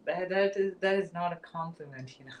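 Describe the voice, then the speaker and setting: Young man, put-on canadian accent, fairly high voice, stammering, video call. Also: fairly quick, low-quality recording. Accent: put-on Canadian English. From India. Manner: hesitant, stammering, laughs often. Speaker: chat stranger. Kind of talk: casual chat.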